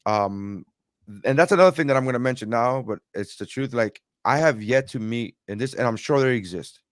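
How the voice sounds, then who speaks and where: A man's voice: medium pitch, brisk, no room sound, clean studio sound. A man co-hosting a podcast, telling a long, rambling travel story with many restarts. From immigrant to America. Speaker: podcast co-host. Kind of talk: casual storytelling chat.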